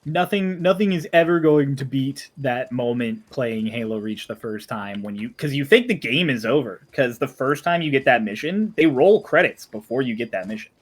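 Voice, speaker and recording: A man who is a guest on a game stream, telling animated stories and laughing easily. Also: medium pitch, husky. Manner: animated storyteller, quick to laugh. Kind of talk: casual chat while gaming.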